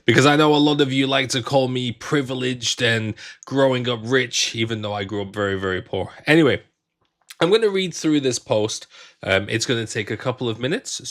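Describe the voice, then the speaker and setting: A man's voice: medium pitch, normal speed, fairly bright tone. A young man talking casually and frankly to his viewers in a vlog, with frequent fillers and restarts. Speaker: vlogger.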